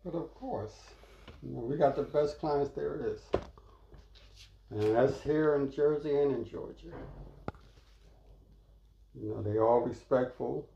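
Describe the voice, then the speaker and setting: A man from the Philadelphia area who talks softly in short answers while washing hair, heard off-mic. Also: medium pitch, takes it slowly, gravelly, long pauses, slight background noise. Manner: soft-spoken, brief answers. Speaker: business partner, hair washer. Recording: roomy, dull sound from off-mic.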